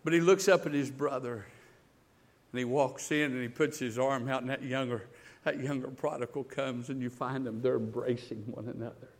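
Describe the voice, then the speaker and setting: A male pastor preaching a sermon, swinging between loud emphatic build-ups and hushed, intimate passages, often repeating words as he builds. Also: medium pitch, fairly even intonation, moderate pace.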